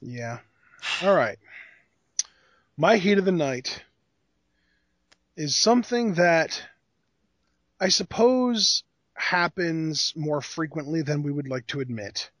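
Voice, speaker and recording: A man's voice: a little high, expressive, slow pace, pauses often, a bit bright, no echo. A man co-hosting a casual wrestling review podcast, blunt and exasperated, quizzing his co-host with pointed questions.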